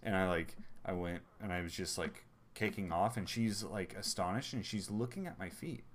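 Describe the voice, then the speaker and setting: Man, very low voice, casual storytelling, rambling anecdotes, acts out quotes. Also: normal speed.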